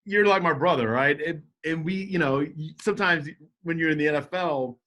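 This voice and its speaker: A middle-aged man telling a story as a podcast guest, animated and jokey, acting out quotes in shifting voices. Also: fairly high pitch, moderate pace. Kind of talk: casual storytelling.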